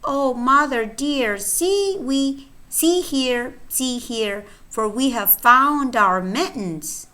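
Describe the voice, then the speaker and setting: A woman's voice: high-pitched, animated, extremely slow, few pauses, sharp tone, voice pushed up, exaggerated voice. A woman voicing a group of small, worried kittens in a nursery rhyme, reading in a sing-song, pleading way.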